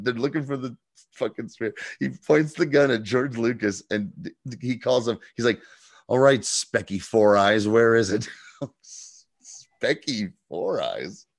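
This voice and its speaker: A man's voice: mid-range voice, expressive, slow, slightly rough. A man co-hosting a podcast in casual chat, laughing often, swearing and acting out quoted lines. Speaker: podcast co-host.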